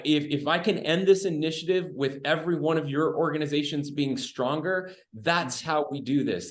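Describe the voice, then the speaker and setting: An earnest, hopeful man in his forties speaks with a slightly high voice, often restarting words as he builds his thoughts. His voice carries a noticeable roomy echo. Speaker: state governor as guest. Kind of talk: conversational remarks in a virtual event.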